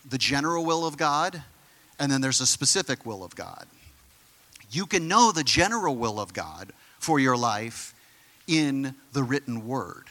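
A man's voice: medium pitch, fairly bright tone. A man pastor preaching a conversational sermon, full of fillers and questions to the congregation.

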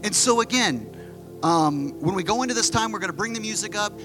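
Male pastor, high-pitched, relaxed chatty preaching style, recorded in a church with music underneath. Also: low-quality recording. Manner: casual, conversational preaching with quick asides. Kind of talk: sermon. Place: church sanctuary with stage. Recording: music behind the voice. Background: music playing.

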